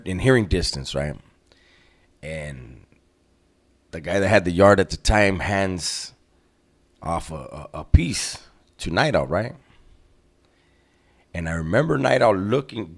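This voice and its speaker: A very low-pitched man, telling a story in relaxed, slangy street talk. He clears his throat often and checks in with a "right?" as he goes. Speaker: storyteller recounting prison life. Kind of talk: casual storytelling.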